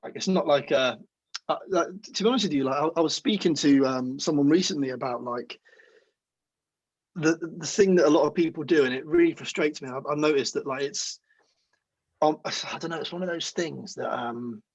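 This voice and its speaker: A man's voice: on the high side, moderate pace, breathy edge, dull audio. A man in casual podcast conversation, telling rambling stories and acting out the exchanges he quotes. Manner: rambling, animated storytelling, acts out quoted exchanges. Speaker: podcast guest, musician.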